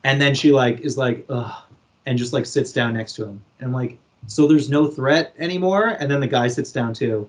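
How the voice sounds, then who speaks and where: A man co-hosting a podcast, casually retelling a film plot with lively acted-out quotes. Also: mid-range voice, fairly quick. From Canada. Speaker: podcast co-host. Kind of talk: casual chat.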